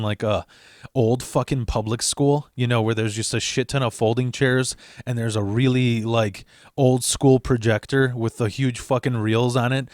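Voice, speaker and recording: A man's voice: medium pitch, no echo, studio quality. A young man casually telling a personal story, swearing freely and acting out what others said. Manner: animated, profane, acts out quoted voices.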